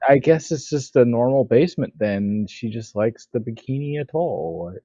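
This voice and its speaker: A man's voice: mid-range voice, animated, normal speed, dark tone, no echo, dull audio. A man hosting a livestream, chatting casually and reading out a text adventure story. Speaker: livestream host.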